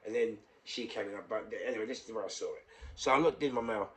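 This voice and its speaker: A middle-aged man with a London accent, telling his own story casually, repeating phrases and swinging between hushed and loud. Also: lowish voice, fast. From England.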